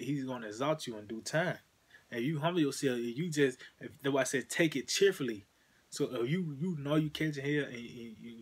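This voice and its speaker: Male preacher, husky voice, casual sermon, drawn-out scripture readings. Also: medium pitch. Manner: casual, repeats "man" and "you know" often, slows down for scripture. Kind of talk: informal sermon.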